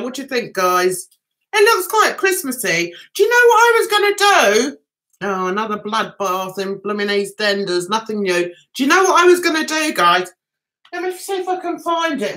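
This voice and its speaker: A woman hosting a casual livestream from home, chatty and excitable as she reacts to viewer comments, speaking into a computer or phone mic. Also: sits high. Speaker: livestream host.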